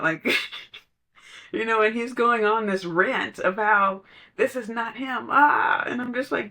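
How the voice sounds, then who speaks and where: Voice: medium pitch, slow pace, sharp tone. A podcast speaker in casual spiritual talk, telling stories conversationally and laughing now and then.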